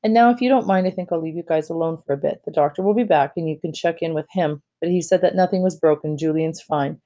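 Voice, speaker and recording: Reader as a calm, measured school dean. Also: mid-range voice, lo-fi sound, close to an everyday voice. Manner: measured, soothing.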